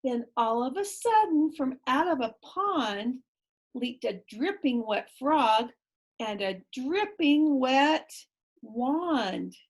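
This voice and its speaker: A woman reading a picture book aloud to young children, expressive, exclaiming and pausing to ask them questions. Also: high-pitched, creaky. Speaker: children's storytime reader.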